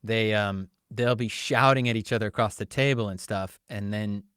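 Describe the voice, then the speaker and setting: A man hosting a podcast interview, chatty, laughing often and asking quick follow-up questions. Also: lowish voice, fairly bright tone, clear, resonant tone, no echo, clean studio sound. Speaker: podcast host. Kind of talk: casual interview chat. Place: podcast studio.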